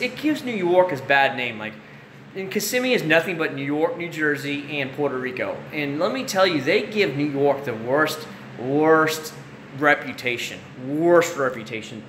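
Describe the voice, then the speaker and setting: A man's voice: fairly high pitch, a bit bright. Ranting, profane man in an echoey room. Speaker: livestream host. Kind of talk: casual livestream chat. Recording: roomy echo, faint background noise.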